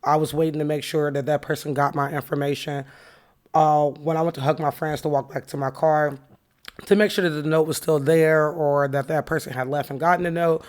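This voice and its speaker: A woman's voice: low voice, steady tone, fairly quick, a little mellow. A woman hosting a podcast, candidly retelling a heated run-in and reflecting on what it taught her. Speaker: podcast host. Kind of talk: casual personal storytelling with a lesson.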